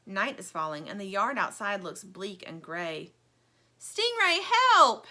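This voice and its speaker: Speaking at a moderate pace in a fairly low voice, a woman brings a children's story to life with an expressive, animated reading.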